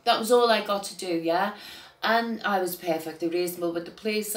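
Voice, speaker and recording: An older woman and grandmother, telling an agitated personal account that swings between quiet and loud outbursts, with swearing. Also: mid-range voice, echoey room. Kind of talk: emotional personal account to camera.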